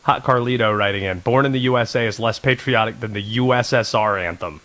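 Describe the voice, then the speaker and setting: A man's voice: fairly low pitch, fairly quick, fairly bright tone. A man in his thirties hosting casual sports talk radio, sarcastic and rambling.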